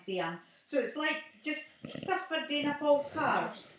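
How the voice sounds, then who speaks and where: A woman's voice: sits high, measured pace, slight background noise. Chatty Scottish woman, echoey and distant. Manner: chatty, laughs often, lively. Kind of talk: casual phone chat. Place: home.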